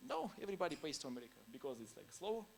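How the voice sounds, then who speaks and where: A man's voice: a little high, very animated, rapid-fire, vocal fry, darkish tone, slight background noise. Man speaking non-native English at a conference. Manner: laughs between points. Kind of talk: conference talk.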